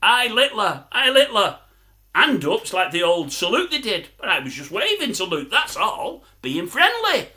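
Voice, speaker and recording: An older man rambles through a grumbling story to camera. His voice sits fairly high and swings widely in pitch. The tone is sharp and piercing. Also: wildly swooping pitch, moderate pace, few pauses. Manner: grumbling, chatty storytelling with repeated phrases. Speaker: vlogger.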